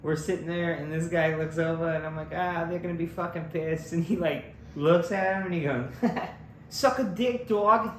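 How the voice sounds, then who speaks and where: A man's voice: a little high, little pitch movement, a little fast, hardly any pauses. A man co-hosting a podcast, joking, swearing and laughing in casual chat. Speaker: podcast co-host. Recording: echoey room with clear background noise.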